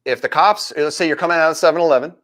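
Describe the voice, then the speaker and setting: A man hosting a live-stream chat, a former police officer who lively acts out street encounters in different voices. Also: fairly high pitch, racing.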